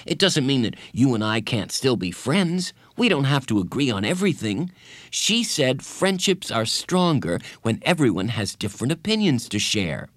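A man voicing a gentle, earnest young schoolboy who speaks mildly and reasonably. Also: medium pitch, sing-song, normal speed, dry recording, pitched above the performer's own voice. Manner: mild, reasonable, soft-spoken.

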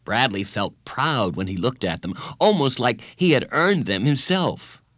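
Brief: male storyteller for an audiobook, lively and varied delivery, dry close sound. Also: medium pitch, a little slow, dry recording. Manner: expressive storyteller. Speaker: narrator. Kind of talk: audiobook narration.

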